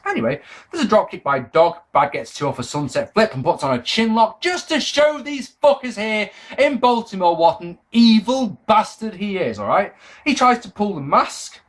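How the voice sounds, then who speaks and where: In a loose, chatty monologue aimed right at his audience, a male wrestling reviewer vents his frustration at what he's watching with sarcasm and profanity. He talks at a normal speed, his lively voice bouncing between high and low.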